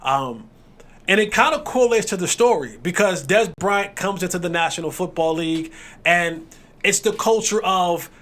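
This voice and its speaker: A man, the show's host and a former football player, chatting casually and telling his own story with quick asides. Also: high voice, lively intonation, a bit bright. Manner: laid-back, quick asides, laughs along. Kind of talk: casual chat.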